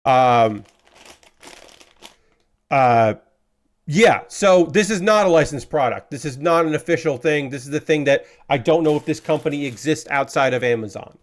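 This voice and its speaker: A man's voice: a little high, moderate pace. A man live-streaming while he builds model kits, talking casually and rambling, with lots of fillers and some swearing. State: frustrated.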